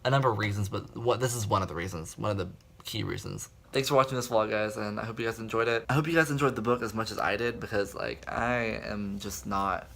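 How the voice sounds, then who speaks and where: Gravelly young man in a chatty vlog. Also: fairly low pitch, fairly bright tone, slight background noise. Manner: chatty, dramatic, filler-heavy. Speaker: book vlogger. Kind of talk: casual reading vlog.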